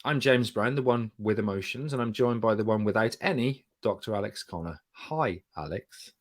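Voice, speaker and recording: A man's voice: on the low side, normal speed. A man with an English accent, co-hosting a podcast in casual, jokey, sweary banter. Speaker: podcast co-host.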